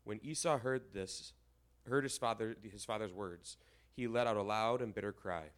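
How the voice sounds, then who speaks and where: A man reading a scripture passage aloud in a measured, formal way. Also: lowish voice. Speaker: scripture reader.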